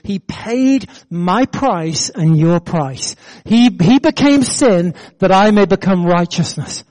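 A middle-aged British man preaching a sermon with an English accent, animated and joking at his own expense as he makes his point. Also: high-pitched. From Britain. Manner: animated preaching with self-deprecating jokes and laughter. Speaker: pastor.

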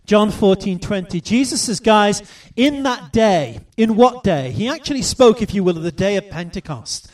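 Recorded from afar, a preacher with a high-sitting, expressive voice works slowly and deliberately through scripture. He shifts back and forth between loud declarations and soft asides spoken in a hush.

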